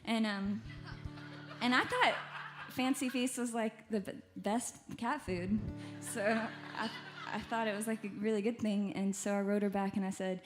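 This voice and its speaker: A woman's voice: mid-range voice, fairly even intonation, unhurried, music in the background. Chatty woman singer bantering onstage. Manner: chatty, rambling, self-deprecating humor. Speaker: singer-songwriter performing live. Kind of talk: casual stage banter between songs. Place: live music venue stage.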